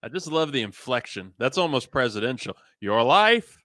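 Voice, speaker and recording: A man's voice: mid-range voice, animated, fairly quick, fairly bright tone, no room sound, clean studio sound. A young man hosting a sports variety show, chatting casually in a rambling, self-amused way. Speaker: host.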